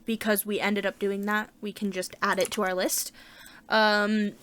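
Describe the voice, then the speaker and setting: एक महिला अपना गेम खेलते हुए बातचीत के अंदाज़ में कमेंट्री करती है, ज़ोर से सोचती है और बीच-बीच में उत्साह से उछल पड़ती है।. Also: female voice, medium pitch, a little slow, slight background noise. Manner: chatty, thinks aloud, bursts of excitement. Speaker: gaming channel host. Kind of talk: casual let's-play commentary.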